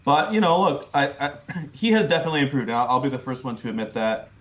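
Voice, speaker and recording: A man's voice: mid-range voice, fast, fairly bright tone, dull audio. A man co-hosting a casual sports podcast, chatty and hedging, repeating words as he works out his opinion. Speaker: podcast co-host.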